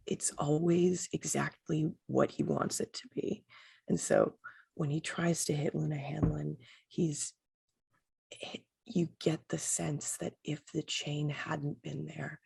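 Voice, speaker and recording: A man describes his character's moves in a tabletop game. His voice is very gravelly and raspy, and he talks slowly and thoughtfully. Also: fairly high pitch, darkish tone. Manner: thoughtful, hesitant, with fillers. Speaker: player. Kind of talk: tabletop role-play narration.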